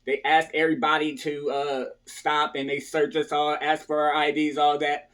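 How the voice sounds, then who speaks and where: A man with a slightly high voice speaks straight to his viewers in a loose, casual storytelling way. He keeps checking in with them after almost every line and jumps into other people's voices to act out what they said. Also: completely flat delivery, moderate pace, a bit bright. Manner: talks to viewers, repeatedly tags lines with "right?"; acts out other people's lines in a raised voice. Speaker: storyteller recounting his past.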